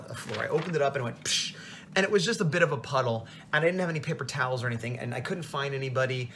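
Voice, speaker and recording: A tired man, a comic artist, telling a rambling, animated story in a casual vlog. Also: medium pitch, a little hiss or hum. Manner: rambling, animated retelling with quoted voices.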